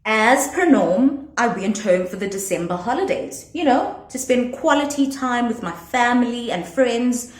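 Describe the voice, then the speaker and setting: A woman's voice: fairly high pitch, a little slow, few pauses. Sassy South African woman, echoey room. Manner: animated, sassy, mixes in Zulu slang. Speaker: vlogger. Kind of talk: storytime vlog.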